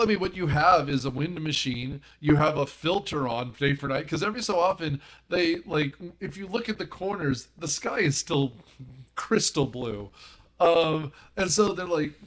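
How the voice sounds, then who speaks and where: A man's voice: fairly high pitch, expressive, normal speed, fairly bright tone. A man on a movie podcast panel, animatedly retelling film scenes and giggling as he talks. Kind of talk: casual movie discussion.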